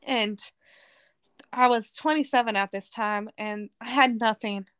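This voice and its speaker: A woman's voice: fairly high pitch, a little slow, a bit bright, smooth, no room sound. A woman from Arizona, a podcast guest, telling her personal testimony in an earnest, emotional way.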